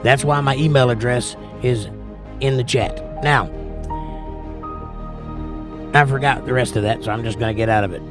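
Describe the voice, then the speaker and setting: A man with a relaxed drawl chats through his livestream and reads out viewer comments. His voice sits at a middle pitch, and the sound is close and dry, with no room echo. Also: moderate pace, faint music behind. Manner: laid-back, folksy, drawling. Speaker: livestream host. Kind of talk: casual live-stream chat, reading viewer comments.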